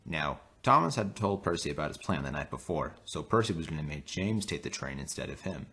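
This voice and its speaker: Low, expressive male storyteller. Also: brisk, a little hiss or hum. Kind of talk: scripted narration of a toy train story.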